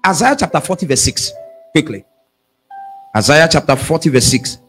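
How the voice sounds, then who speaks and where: A man preaching a sermon as pastor, calling out questions for the congregation to answer and shouting at the peaks. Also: a little high, animated, normal speed, faint music behind.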